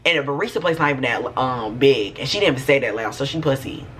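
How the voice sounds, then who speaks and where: Young man, sassy storytime vlogger, mid pitch, lively slangy delivery. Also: fast, a little hiss or hum. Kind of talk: storytime vlog.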